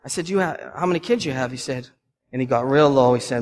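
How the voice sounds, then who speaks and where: In a church with long hall reverb, a pastor preaches passionately and repeats lines for emphasis. His voice is mid-range and his pace is quick.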